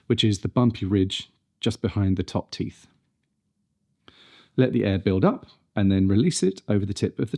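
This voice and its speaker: A man's voice: on the low side, warm tone. A man teaching a pronunciation lesson, carefully demonstrating consonant sounds one at a time. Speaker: speech coach.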